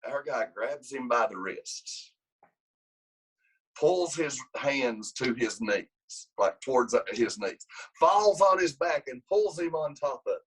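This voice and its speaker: Heard on a poor recording, the coach has a husky, mid-range voice and takes his time. His long interview tale wanders and restarts repeatedly, though he gets lively acting out quotes.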